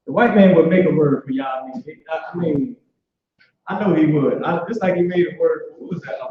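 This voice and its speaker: A man teaching an informal online language class, talking loosely with many restarts and filler words like "boom". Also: a little fast. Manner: loose, conversational, repeats "boom" and restarts often. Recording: echoey, dull online call audio.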